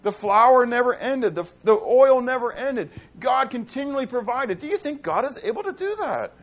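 Male pastor, high voice, animated sermon delivery with rhetorical repetition. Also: moderate pace.

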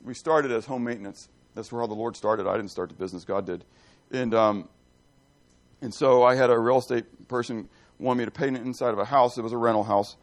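Middle-aged male pastor, folksy conversational preacher, mid-pitched voice. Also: brisk. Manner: folksy storytelling, asks the congregation questions. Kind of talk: conversational sermon.

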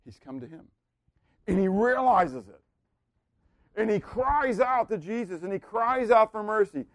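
A man with a high voice leads a Bible class, quizzing his listeners and waiting on their replies. He swings from loud emphasis down to near-murmured asides. The sound is dry and close. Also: expressive, a little slow, dry recording. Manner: asks the class questions and waits for answers. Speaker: Bible teacher. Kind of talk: interactive Bible teaching.

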